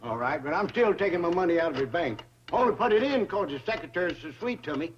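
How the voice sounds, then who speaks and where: A man's voice: fairly high pitch, expressive, fast, lightly acted. An actor playing a brash, folksy older hillbilly man with a drawl in a 1960s sitcom. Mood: stubborn. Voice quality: folksy drawling country talk. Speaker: hillbilly friend visiting a bank. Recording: dull old TV soundtrack, loud laugh track, hiss. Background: studio audience laughter.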